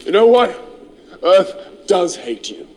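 An actor playing a frustrated thunder god hero who snaps and shouts sarcastically, in a film clip. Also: male voice, sits high, sing-song, slow pace, heavily acted. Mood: angry. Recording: film clip, noisy and echoing. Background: noise.

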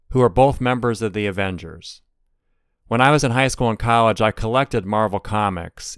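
A man's voice: fairly low pitch, clean tone, dry recording, clean studio sound. A middle-aged man hosting a devotional podcast, explaining things earnestly. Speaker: podcast host.

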